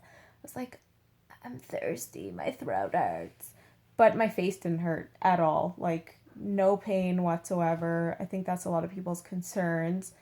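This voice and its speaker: A woman's voice: fairly low pitch, mellow. A young woman, chatting casually to the camera from her bed, full of "like" and acted-out quotes. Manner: chatty, heavy use of "like", acts out quotes. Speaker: beauty vlogger. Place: in bed at home.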